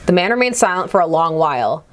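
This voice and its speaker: Woman, low voice, game playthrough, expressive jokey narration. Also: fast. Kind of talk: reading game text aloud with commentary.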